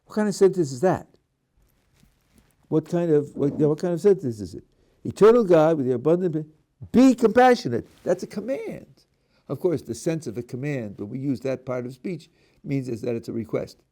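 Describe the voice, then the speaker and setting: A man's voice: on the high side, big pitch swings, moderate pace, dark tone. A middle-aged man, a rabbi, giving a lecture on prayer, explaining step by step, asking his students questions and often restarting words. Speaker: rabbi teaching a class.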